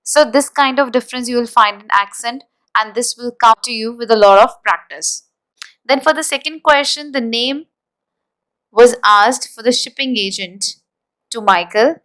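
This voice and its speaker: A woman teacher walking through exam answers in a deliberate, explanatory way, spelling words out slowly. Her voice is fairly high and smooth, with a resonant tone. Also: fairly bright tone, rough recording. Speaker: IELTS teacher. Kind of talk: exam-prep lesson.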